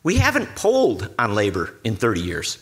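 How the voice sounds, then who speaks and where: Lively, bright-voiced man telling a sarcastic story. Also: on the low side, moderate pace. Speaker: panelist reporter. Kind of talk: conference panel talk. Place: conference panel room.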